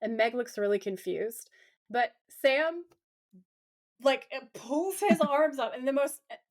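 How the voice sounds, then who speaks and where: A woman's voice: sits high, lively intonation, a little slow. A woman co-hosting a podcast, casually retelling a TV episode scene by scene, quoting the characters' lines and gushing over them. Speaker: podcast co-host. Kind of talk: casual chat recapping a TV episode.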